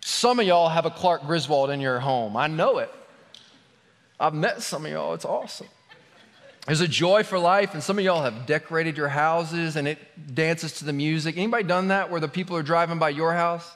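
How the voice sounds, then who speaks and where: A married pastor addresses his congregation in a big hall, joking and talking informally before moving into prayer and a scripture reading. He speaks at normal speed in a slightly high, somewhat bright voice, with a long hall reverb on the recording.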